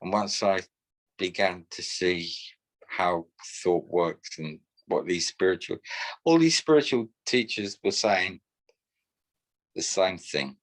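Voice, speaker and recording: Older man with a low voice, sharing his story earnestly and reflectively in a group session. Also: takes it slowly, long pauses, poor audio. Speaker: support group member. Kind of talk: personal testimony.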